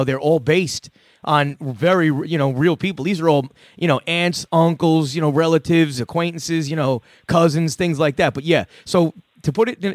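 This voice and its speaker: Man, 50s, podcast host, profane gruff banter, fairly high voice, dry close sound. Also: no echo. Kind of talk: casual call-in chat.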